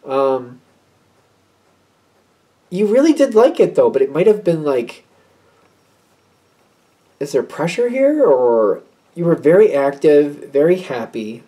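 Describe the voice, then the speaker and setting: A man's voice: a little high, very animated, takes it slowly, pauses often, mellow. A man doing a casual tarot card reading, chatty and thinking aloud with many fillers. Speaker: tarot reader.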